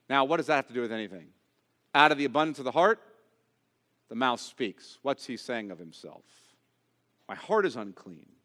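A man preaching a sermon, with dramatic pauses and rising emphasis. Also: medium pitch, fairly bright tone, long reverb tail. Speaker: pastor.

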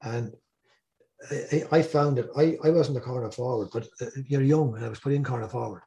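Older irish man, mellow dark voice, rambling stories, repeats words. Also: medium pitch, brisk, creaky. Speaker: guest. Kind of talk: casual podcast storytelling.

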